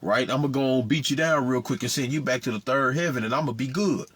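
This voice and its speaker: A man voicing Satan as a cocky street brawler who trash-talks in slang, with a husky voice. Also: mid-range voice, fast talker, no echo, close to an everyday voice. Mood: taunting. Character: cocky male Satan picking a street fight.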